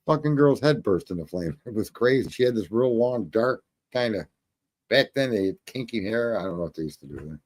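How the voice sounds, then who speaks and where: A man's voice: medium pitch, animated, moderate pace. A man hosting a call-in livestream, telling stories in a rambling, profane, casual way and laughing at his own jokes. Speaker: call-in show host.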